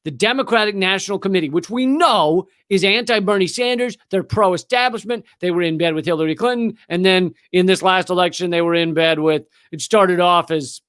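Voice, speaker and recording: A man with a high voice delivers political news commentary as a sarcastic, swearing rant. He talks in bursts, restarting sentences as he builds his case. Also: a little fast, few pauses, smooth. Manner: profane, sarcastic, animated ranting with restarts. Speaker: political comedian and news host.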